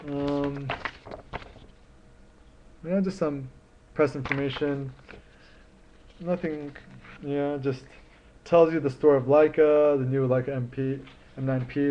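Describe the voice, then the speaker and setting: A man's voice: medium pitch, mellow, a little hiss or hum. Rambling young man vlogging, lo-fi. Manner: rambling, enthusiastic, many ums. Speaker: photography vlogger. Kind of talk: casual vlog talk. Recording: slightly dull lo-fi sound.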